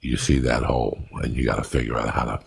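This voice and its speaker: A man's voice: extremely low pitch, fairly even intonation, quick pace, creaky, slightly rough, no echo. A man hosting a casual chat, talking bluntly and earnestly with plenty of swearing. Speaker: podcast host.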